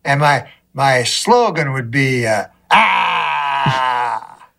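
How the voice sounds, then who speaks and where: A man doing a stand-up routine, rambling in a deadpan way toward a shouted punchline. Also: high-pitched, normal speed. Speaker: stand-up comedian.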